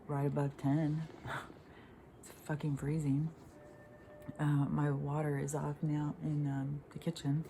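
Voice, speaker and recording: A woman's voice: sits low, creaky, mellow, slight background noise, low-quality recording. A middle-aged woman from the United States ranting to camera in a frustrated, rambling way, swearing often and using many fillers. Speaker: spiritual vlogger. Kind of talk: unscripted rant to camera.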